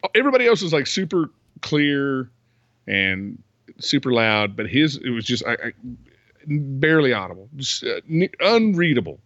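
Podcast dude recapping a movie, mid voice, kinda muffled dry mic. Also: male voice, mid-range voice, sing-song, normal speed, fairly bright tone, no echo. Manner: chatty, recaps plot, acts out lines with voices. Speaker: podcast host. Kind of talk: casual movie-recap chat.

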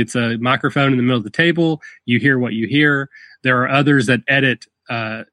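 A man's voice: medium pitch, a bit bright, dry recording. Brief: male podcast host, chatty and self-deprecating, dry studio sound. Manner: rambling, self-deprecating, frequent fillers. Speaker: podcast host and dungeon master. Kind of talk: casual podcast interview.

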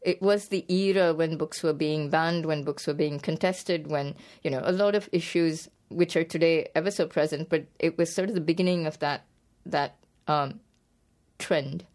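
A woman guest talking about her book of poetry is interviewed, answering thoughtfully through frequent restarts and fillers and laughing easily along the way. She has a low, slightly mellow voice and talks at a normal speed.

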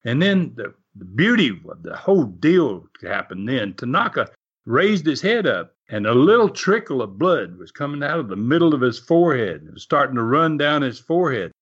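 Man, wrestling promoter recalling old stories, chuckling, voicing the people he quotes, lively pitch; dull lo-fi audio. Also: moderate pace, husky. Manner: animated, chuckles often, acts out quotes. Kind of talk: storytelling anecdote. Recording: dull lo-fi recording.

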